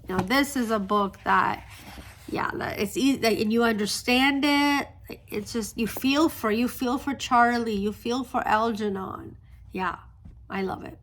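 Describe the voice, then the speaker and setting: A woman vlogs about a book she loves, soft-spoken and gushing, often restarting her sentences. Her voice sits a little high. She records on a phone camera out on a street, with faint traffic noise behind her. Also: steady tone, a little slow. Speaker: book vlogger. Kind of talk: casual vlog chat. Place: outdoors on a street.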